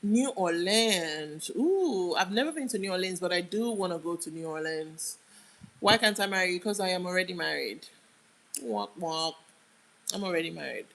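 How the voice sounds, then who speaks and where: A woman's voice: medium pitch, a bit bright, rough recording. A young woman with a Nigerian accent hosts a casual livestream. She chats with her viewers and reads out their comments as she goes, often trailing off mid-sentence. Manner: chatty, answers comments aloud, drifts off mid-sentence. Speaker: livestream host.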